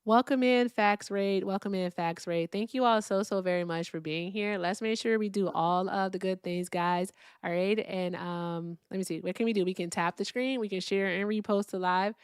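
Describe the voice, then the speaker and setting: A woman's voice: mid-range voice, fairly even intonation, moderate pace, hardly any pauses, clean tone, no room sound, studio quality. A woman hosting a live call-in debate stream, chatting casually, thanking viewers by name and explaining things patiently.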